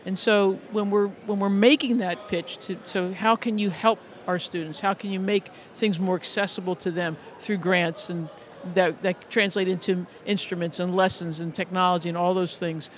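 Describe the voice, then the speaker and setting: High-voiced middle-aged man, earnest storyteller. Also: fairly even intonation, normal speed, few pauses. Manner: earnest, with frequent restarts and repeated words. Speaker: music educator. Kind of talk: conversational interview storytelling.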